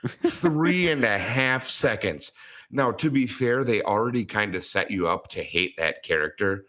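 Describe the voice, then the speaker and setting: A man's voice: lowish voice, expressive, a little slow, pushed and bright. Sarcastic, profane young man ranting. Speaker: podcast co-host. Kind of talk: casual chat.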